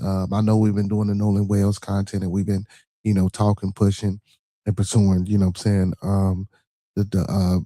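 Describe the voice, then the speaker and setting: A man, hosting a casual livestream podcast in a laid-back, rambling way, repeating phrases and giving shout-outs. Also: fairly low pitch, dry recording. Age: 20s. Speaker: podcast host.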